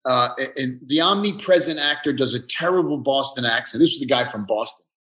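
A man from the Bronx, a guest on a casual chat show, talking in halting bursts with many restarts. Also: mid-range voice, fairly bright tone. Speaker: actor guest.

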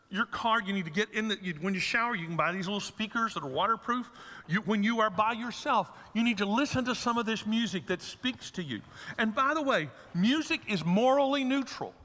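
High, bright-voiced pastor preaching. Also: male voice, long reverb tail. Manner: folksy storytelling with humor. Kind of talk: sermon.

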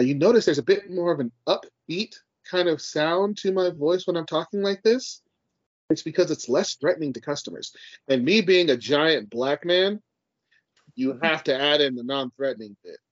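A man's voice: a little high, dry recording. A man co-hosting a casual podcast. He talks with emphasis and passion and swears freely. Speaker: podcast co-host. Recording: dull dry podcast audio.

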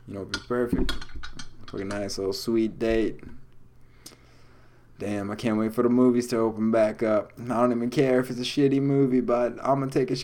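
Young man, podcast host, casual solo chat, laid-back, profane, rambling, mid-pitched voice, recorded at home. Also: darkish tone. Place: home room with lights off.

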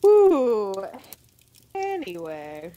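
A woman's voice: fairly high pitch, wildly swooping pitch, very slow, warm tone, lo-fi sound. A woman co-hosting a podcast, telling rambling stories in casual chat, mocking herself and laughing often. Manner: rambling storyteller, self-deprecating, laughs often. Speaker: podcast co-host.

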